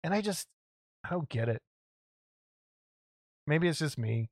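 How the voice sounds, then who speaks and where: A man co-hosting a casual podcast, blunt and quick to laugh. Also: fairly high pitch, expressive, dry recording, clean studio sound. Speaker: podcast co-host. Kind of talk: casual banter.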